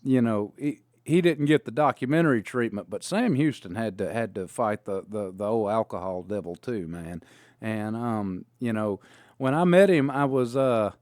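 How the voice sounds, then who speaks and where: A man's voice: on the low side, normal speed, a little mellow, no echo, clean studio sound. A man telling rambling road stories in casual chat as a podcast co-host, with lots of fillers and restarts. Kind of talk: casual storytelling.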